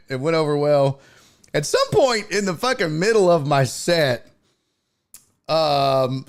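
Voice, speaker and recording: Male sports stream host, loose and profane, very animated pitch. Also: smooth. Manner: loose, profane, shouts out chat viewers by name; lively, jumpy pitch when retelling. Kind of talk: casual livestream chat.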